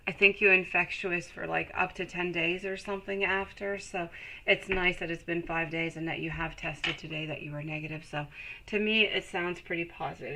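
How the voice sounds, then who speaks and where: Tarot reader, woman, lowish bright voice, chatty live-stream manner, calls viewers sweetie. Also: gravelly, rough recording. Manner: greets viewers while reading cards.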